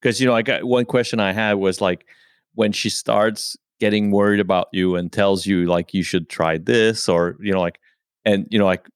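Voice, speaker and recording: A man's voice: lowish voice, fairly even intonation, moderate pace, clean tone, no room sound. Rambling man with a dry sound. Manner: rambling, heavy use of "you know, like". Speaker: host. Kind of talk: casual conversation.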